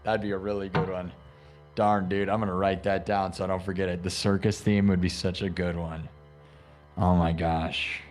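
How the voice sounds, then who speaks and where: Chill guy streamer w a low voice, talks slow and rambly, says dude a lot, faint music behind. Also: level tone. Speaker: live-stream host and improv musician. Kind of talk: casual chat.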